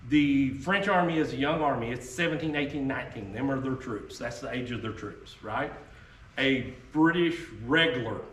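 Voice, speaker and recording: A man's voice: medium pitch, moderate pace, fairly bright tone. A man with a Southern US accent talking casually to reenactors about muskets, folksy, often checking in with "okay?". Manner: folksy, keeps tagging "okay?". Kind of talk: casual talk to a reenactor group. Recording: echoey sound from a distant mic with faint noise.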